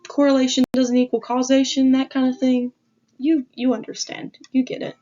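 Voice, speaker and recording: A woman's voice: high voice, level tone, normal speed, over music. A woman hosting a casual video essay over slides, rambling with self-aware asides and the odd swear. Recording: dull lo-fi audio.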